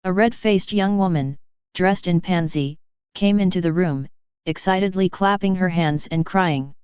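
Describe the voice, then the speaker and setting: A woman reads an audiobook in a measured, steady narration. Her voice is low, with very crisp articulation. The recording is dry and a little muffled. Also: no echo. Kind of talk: scripted narration.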